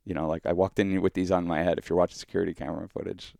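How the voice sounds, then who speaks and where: A man's voice: deep voice, level tone, rapid-fire, vocal fry, mellow, no echo, studio quality. A man, a podcast co-host telling a rambling, profane story full of "like" and mock-outraged quotes. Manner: rambling, heavy use of "like". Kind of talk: casual storytelling.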